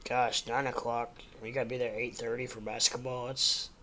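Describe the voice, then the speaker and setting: Man in his forties, from the Midwest, casual home livestream host, rambling chat, mid-pitched voice. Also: little pitch movement, fairly quick, bright, forceful tone, slight background noise. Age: 40s. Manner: rambling, chatty, reads and answers chat.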